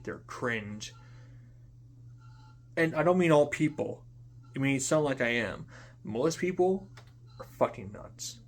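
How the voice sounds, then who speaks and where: A young man in an unscripted monologue, venting in frustration, swearing often, repeating himself and trailing off into quiet mutters. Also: mid-range voice. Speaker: vlogger.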